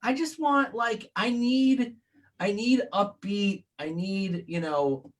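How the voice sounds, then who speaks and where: A man's voice: high-pitched, slow. A man co-hosting a live morning stream, joking and teasing with mock indignation. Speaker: co-host of a live morning show. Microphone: live video stream.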